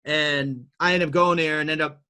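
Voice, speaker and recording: This man, interviewed as an entrepreneur, has a slightly high, clear and resonant voice and talks at a normal speed. He tells his story with animated, motivational energy that swells to emphatic peaks, frequently repeating words and starting over.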